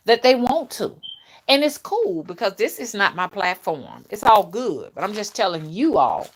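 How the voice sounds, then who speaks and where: A middle-aged woman chatting casually on a live stream, folksy and warm with her viewers, reading out their comments and calling them y'all and honey. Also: mid-range voice. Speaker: spiritual rootworker hosting a live stream.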